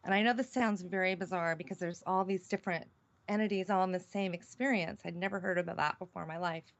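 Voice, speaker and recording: A woman's voice: fairly low pitch, fairly even intonation, fast talker. Woman telling a story over dull audio. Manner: earnest, breathless storytelling with many restarts. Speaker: guest. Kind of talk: telling a personal story on a radio show.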